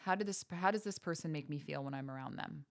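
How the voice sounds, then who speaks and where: A woman hosts a motivational podcast on a close mic, talking with earnest, preachy conviction. Her voice sits a little low for a woman, and she presses her points with a stream of rhetorical questions. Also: fast, creaky. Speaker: podcast host. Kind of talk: motivational faith-based podcast talk.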